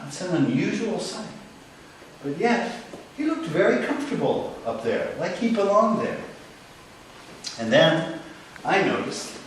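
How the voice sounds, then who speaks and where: A man telling a story on stage in a dramatic, animated way, with pauses for effect, heard from a distant mic in a large echoey hall. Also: fairly high pitch, a little hiss or hum.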